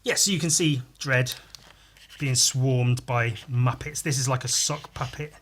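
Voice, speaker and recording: Bright-voiced man rambling while he draws. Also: medium pitch, steady tone, measured pace, slight background noise. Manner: rambling, crude jokey asides, muttering while working. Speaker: podcast host drawing live. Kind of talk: casual chat while drawing.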